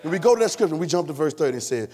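A male preacher with a voice pitched high for a man delivers a fervent sermon. He talks straight to the congregation in plain colloquial speech and repeats his phrases. He swings between loud shouted lines and quiet, hushed asides. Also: expressive, very fast.

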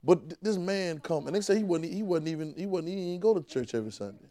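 A man's voice: high voice, lively intonation, quick pace, warm tone. A man preaching a sermon in a conversational, vernacular way, with frequent restarts and call-and-response with the congregation.

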